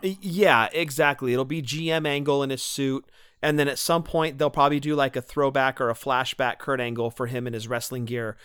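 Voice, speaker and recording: A man's voice: medium pitch, fairly even intonation, brisk, fairly bright tone, clean tone, no room sound. A man co-hosting a casual podcast chat, enthusiastic and emphatic. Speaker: podcast co-host.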